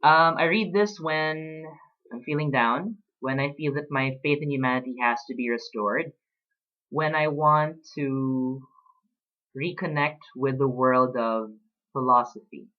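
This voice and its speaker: A man in his late twenties speaks in a casual personal vlog, thoughtful and unhurried, with frequent pauses and fillers. His voice sits at an ordinary middle pitch. The recording sounds a little dull and lo-fi. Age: late 20s. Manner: reflective, talks about books with pauses and fillers. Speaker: vlogger.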